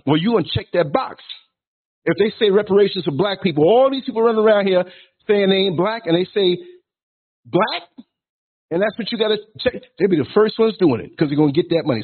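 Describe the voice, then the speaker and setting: A man's voice: sits high, lively intonation, fairly quick, husky. A man in his sixties hosting a podcast, delivering a blunt, provocative, preachy rant. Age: 60s. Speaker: podcast host. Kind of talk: ranting monologue. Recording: tinny phone-like line.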